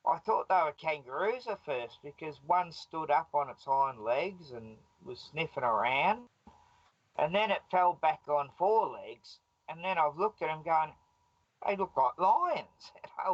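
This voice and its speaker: A man's voice: fairly high pitch, animated, measured pace, no room sound, lo-fi sound. Rambling Australian man on a call. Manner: rambling, laughing, digressive storyteller. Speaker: guest. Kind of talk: casual storytelling on a live stream call. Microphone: video call.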